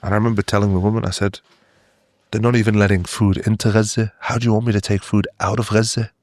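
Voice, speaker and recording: A man, a doctor from Australia and the UK, telling stories earnestly in an interview, with many halting restarts. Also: lowish voice, level tone, no room sound, studio quality. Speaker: doctor guest. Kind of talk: interview storytelling.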